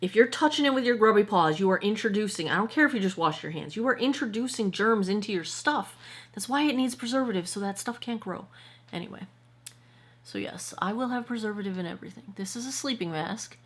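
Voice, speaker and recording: A woman's voice: mid-range voice, expressive, brisk, breathy edge. A woman in her forties giving a casual, rambling skincare review at home as a vlogger, often correcting herself mid-sentence. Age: 40s. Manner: rambling, self-correcting, chatty. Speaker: skincare vlogger and product maker. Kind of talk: casual chatty product review. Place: at home, indoors, filming in front of a monitor.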